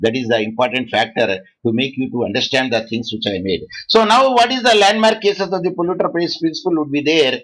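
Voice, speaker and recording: A man from India, giving a law lecture to students, halting often and quizzing the class. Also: medium pitch, fairly bright tone, low-quality recording. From South India.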